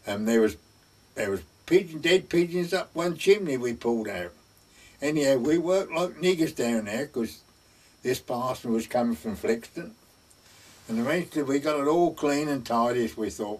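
A man's voice: mid-range voice, distant mic. An older man telling rambling village anecdotes, chuckling and quoting each speaker with "he said". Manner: rambling, chuckling, quotes everyone with "he said". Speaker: village storyteller. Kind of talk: oral history anecdotes.

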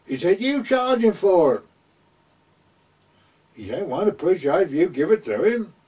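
A man's voice: high-pitched, sing-song, a little slow, a little mellow, slightly rough, far from the mic. An older man casually reminiscing in a rambling retelling, repeating "I said" and "he said.". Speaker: storyteller.

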